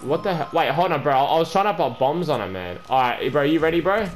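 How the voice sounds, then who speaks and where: A man's voice: fairly high pitch, animated, quick pace, faint music behind. A young man, a gaming YouTuber, chatting casually during an online trade prank, stammering and repeating himself and calling the other player "bro" and "man".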